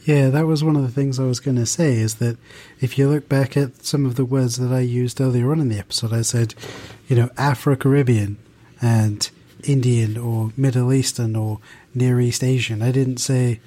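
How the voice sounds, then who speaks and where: British podcast co-host, mid-pitch male voice, loose rambling delivery with lots of restarts. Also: fairly even intonation, normal speed, dark tone. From United Kingdom. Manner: thoughtful, rambling with many restarts and fillers. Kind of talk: casual podcast discussion.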